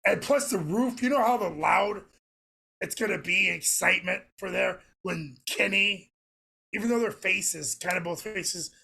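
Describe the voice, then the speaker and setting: A man's voice: high voice, measured pace, vocal fry, pushed and bright, husky. A man co-hosting a podcast in casual chat, brash, laughing a lot and swearing freely. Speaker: podcast co-host.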